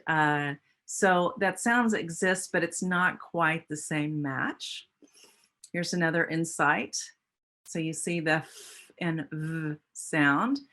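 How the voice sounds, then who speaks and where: An American woman, a literacy educator, explains speech sounds during a teacher training presentation. Her voice is low-pitched with a fairly bright tone. She is patient and explanatory, and she often restarts her sentences.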